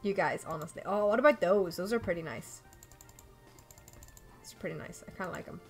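A young Irish woman chatting casually through a game livestream, excitable and talking to her viewers and the game characters. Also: lowish voice, fairly quick, breathy edge, faint music behind. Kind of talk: casual let's play commentary.

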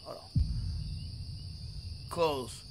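A man giving excitable, slangy let's-play commentary while he plays a game and blurts out his reactions. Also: extremely slow, background noise. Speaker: gaming YouTuber.

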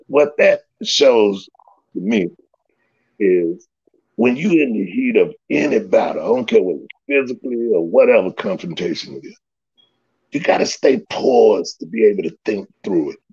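A man telling a story in casual talk, animated, swearing, often laughing and acting out what people said. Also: medium pitch, moderate pace, vocal fry, breathy edge. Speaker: storyteller guest. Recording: dull lo-fi recording.

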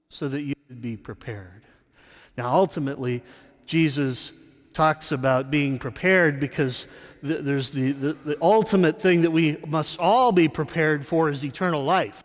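Slow-speaking priest in a reverberant church. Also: male voice, fairly high pitch, lively intonation. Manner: slow storytelling homily with fillers and restarts. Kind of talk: sermon. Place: large church.

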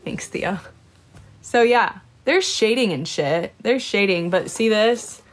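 A woman's voice: mid-range voice, expressive, slow pace. Casual, swearing woman streaming live. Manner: chatty, greets viewers by name, swears casually, giggles. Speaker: livestreamer. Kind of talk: casual livestream chat.

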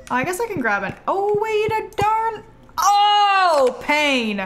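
A woman's voice: very high voice, big pitch swings, unhurried, very noisy. A young woman game streamer chatting casually and playfully to her chat while she plays, reacting aloud to what she finds.

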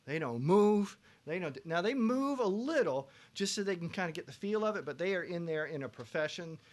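A man teaching a pop vocal production masterclass to students, lively, breaking into loud sung examples. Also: sits high, a little fast. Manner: animated, belts out sung examples.

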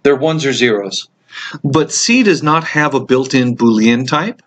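A man teaching a programming course over a screen recording, explaining code in a relaxed way with frequent ums and uhs, while he has the hiccups. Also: mid-range voice, a little slow. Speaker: computer science instructor. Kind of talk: screencast code walkthrough lecture.

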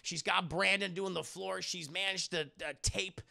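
Gravelly, bright-voiced male streamer. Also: sits high, normal speed. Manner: rambling, profane, animated. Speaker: streamer reviewing a TV episode. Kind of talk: casual recap with chat.

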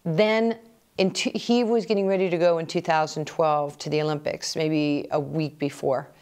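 A middle-aged woman telling personal stories in an animated way, acting out remembered conversations. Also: low voice, moderate pace. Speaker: interviewee. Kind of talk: personal storytelling.

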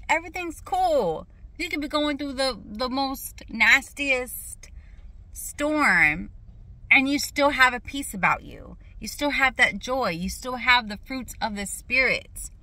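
A woman's voice: a little high, bright, forceful tone, dry recording. A young woman vlogging casually about her faith from her car, rambling and emphatic, often losing her train of thought. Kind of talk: casual spoken testimony with scripture reading. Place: parked car.

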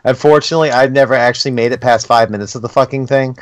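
A man's voice: medium pitch, steady tone, racing, dry recording, muffled recording. A man co-hosting a casual online chat, making dry, sarcastic quips. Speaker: podcast co-host.

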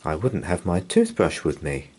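A man's voice: low-pitched, huge pitch swings, normal speed, a little mellow, breathy edge, exaggerated voice. A man reading a storybook aloud and voicing a small, anxious young male dinosaur who frets and pleads. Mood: worried. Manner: fretful, worried pleading.

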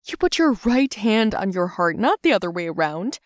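A woman voicing a firm but loving mother in an animated story, matter-of-fact in tone. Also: medium pitch, normal speed, no room sound, studio quality, close to an everyday voice.

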